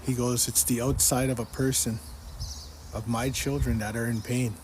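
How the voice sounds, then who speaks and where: In his personal testimony, this man earnestly recalls a dream, echoing repeatedly what was said to him. His mid-range voice is a little mellow, shows little pitch movement, and moves at normal speed over slight background noise.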